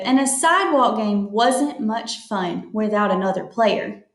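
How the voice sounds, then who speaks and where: A woman reading a picture book aloud to children, slowly explaining new words as she goes. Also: mid-range voice, lively intonation, reverberant. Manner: slow, explains words to young listeners. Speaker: storytime reader.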